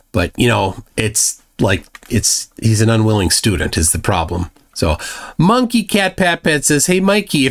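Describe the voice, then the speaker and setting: A man hosts a live stream in a casual chat style, reading out viewer messages one after another. His voice swoops up and down with a lively, animated pitch. He drops mocking, lecturing remarks between the messages. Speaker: livestream host.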